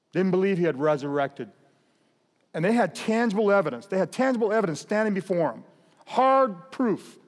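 Pastor preaching in a reverberant church. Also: male voice, on the high side. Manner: conversational preaching with sudden loud emphatic bursts and soft drops. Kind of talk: sermon. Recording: long hall reverb.

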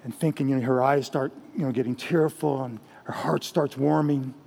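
A man preaching at an evening church service, talking loudly and telling jokes in a chatty, laughing way. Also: mid-range voice, fairly even intonation, moderate pace, vocal fry, in a large hall, slight background noise. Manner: loud, chatty, laughing storyteller. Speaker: pastor. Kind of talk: sermon with jokes.

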